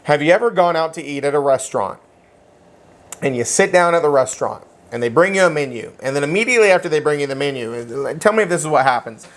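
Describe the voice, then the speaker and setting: A man teaching a real estate licensing class in an animated, joking way, often checking in with "okay?" and speaking. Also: fairly high pitch, fast talker. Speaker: real estate exam instructor. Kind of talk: classroom lecture.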